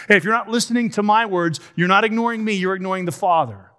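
A man delivers a sermon in an emphatic, questioning style, slowing down to lean on key words. His voice sits a touch higher than most men's. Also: a bit bright, smooth. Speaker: preacher.

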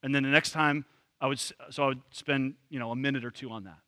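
A man's voice: mid-range voice, fairly even intonation, fast, bright, forceful tone, no echo. A man leading a church training session, talking casually with many fillers and restarts. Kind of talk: casual teaching to a group.

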